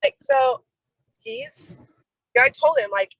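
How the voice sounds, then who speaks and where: Animated, gravelly woman telling a story. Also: a little high, normal speed, dry recording, rough recording. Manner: animated storyteller who acts out quoted dialogue; fillers like "like". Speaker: program member sharing a story. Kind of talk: casual chat, storytelling.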